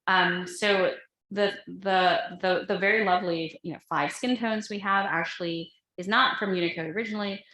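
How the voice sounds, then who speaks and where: Bright, chatty woman lecturing in an echoey room. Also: mid-range voice, steady tone, moderate pace. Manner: chatty, many fillers and asides. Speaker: guest lecturer. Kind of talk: casual lecture with slides.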